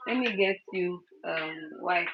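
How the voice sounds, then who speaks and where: A woman's voice: on the low side, measured pace, highs cut off, loud music behind the voice. A woman streaming live while talking to her baby and greeting viewers, in coaxing sing-song baby talk. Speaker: streamer and mother.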